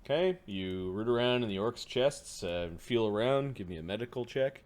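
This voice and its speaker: A man's voice: on the low side, expressive, normal speed, a little mellow. A man narrating as game master in a casual, chatty tabletop game.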